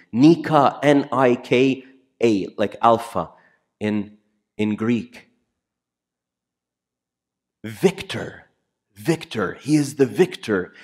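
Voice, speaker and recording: Priest preaching with repeated emphasis. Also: male voice, mid-range voice. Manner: emphatic, repeats key phrases, drops to a near whisper for quiet lines. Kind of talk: sermon. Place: church.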